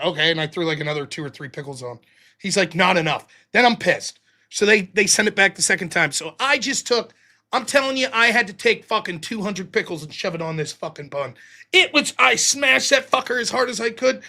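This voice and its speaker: Bright, profane American man telling stories. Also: high voice. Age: 40s. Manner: profane, rowdy, acts out quoted voices. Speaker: show host. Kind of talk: casual storytelling monologue.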